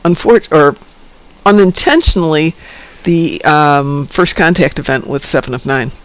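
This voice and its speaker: A man's voice: fairly high pitch, a little slow, a bit bright. A man hosting a live game stream, chatting in a friendly, easygoing way with teammates. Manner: chatty, friendly, laughs often. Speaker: livestream host. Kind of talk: casual gaming chat.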